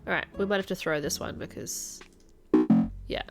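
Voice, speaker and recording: Gravelly-voiced woman musing aloud. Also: on the low side, animated, normal speed, loud music behind the voice. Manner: thinks aloud, wondering and guessing to viewers. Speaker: streamer playing a geography guessing game. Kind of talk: live-stream gameplay chat.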